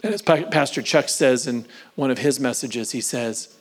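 A pastor delivers a sermon in a medium-pitched male voice, swinging from loud, emphatic lines to soft whispers and stretching out key words slowly.

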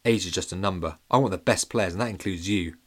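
A man reading a children's storybook and voicing a young schoolboy who captains a team, talking in an earnest, steady way. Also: deep voice, quick pace.

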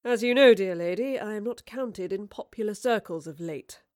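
A woman's voice: mid-range voice, moderate pace, a little mellow, no room sound, clean studio sound, natural voice. A woman reading the part of a charming, roguish male poet and spy in an audiobook, with a wry, theatrical manner.

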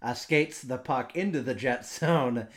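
A man co-hosting a casual sports podcast, jokey and excitable, laughing often as he talks. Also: medium pitch, measured pace. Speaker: podcast co-host.

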